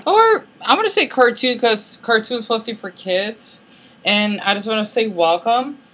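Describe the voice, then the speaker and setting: A man in his late twenties with an American accent and a squeaky voice, talking in a soft-spoken, hesitant way with many fillers and restarts into a laptop mic in a casual vlog. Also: expressive, moderate pace, slight background noise. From United States. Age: late 20s. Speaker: vlogger. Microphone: laptop built-in mic.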